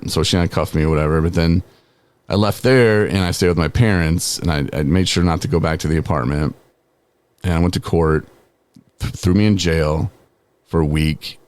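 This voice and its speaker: Deep-voiced man in his forties. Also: a little fast, darkish tone. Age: 40s. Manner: casual, conversational, peppered with "man" and "you know"; laughs while telling stories. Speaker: podcast host. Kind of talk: personal storytelling monologue.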